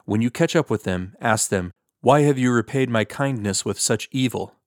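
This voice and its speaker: A man's voice: medium pitch, moderate pace, no room sound, studio quality, natural voice. A man reading the part of a powerful ruler who speaks sternly.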